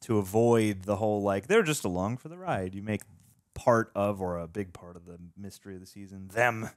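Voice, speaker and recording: A man's voice: on the low side, no echo, studio quality. A man co-hosting a TV reaction show, bantering and laughing easily. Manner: giggly, chatty, quick banter. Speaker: co-host of a reaction review show. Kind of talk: casual chat.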